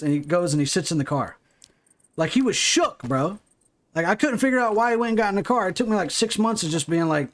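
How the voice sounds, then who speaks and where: A man's voice: sits high, big pitch swings, brisk. Profane rambling man streaming a game. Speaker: livestreamer. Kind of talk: casual gaming livestream chat.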